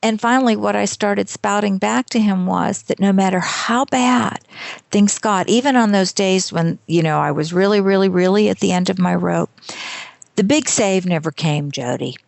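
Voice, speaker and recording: A woman's voice: medium pitch, normal speed, vocal fry, no echo. A woman in her fifties, a guest author telling her story in a casual interview with a candid, self-deprecating manner.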